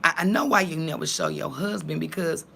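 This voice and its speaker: A woman vlogger, talking bluntly to her viewers, cursing and swinging between calm and heated. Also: sits low, brisk, vocal fry, slight background noise. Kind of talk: casual talk to viewers.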